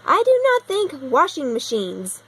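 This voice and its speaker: A woman's voice: sits high, wildly swooping pitch, a little slow, fairly bright tone, poor audio. A young American woman vlogging casually, thinking aloud and puzzling over things as she browses on her computer, recorded on a phone propped against her laptop. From United States. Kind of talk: casual vlog narration while browsing a map on a computer.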